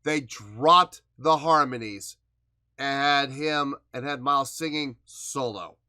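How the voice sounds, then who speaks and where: Bright-voiced, emphatic male music reactor. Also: medium pitch, slow pace, no echo, studio quality. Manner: emphatic, playfully defiant, breaks down song details. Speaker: music reaction channel host. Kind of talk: casual music reaction commentary.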